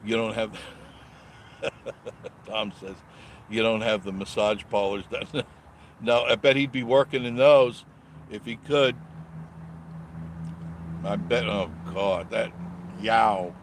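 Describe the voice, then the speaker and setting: Driving along, this vlogger chats casually with his live-stream audience, reading their comments aloud and joking around as he rambles. His pitch sits fairly low, his pace is unhurried with long pauses, and there's a little hiss or hum.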